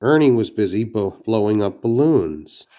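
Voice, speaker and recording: A man's voice: on the low side, animated, normal speed, warm tone. A man reading a children's storybook aloud, carefully, with small slips and restarts. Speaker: narrator.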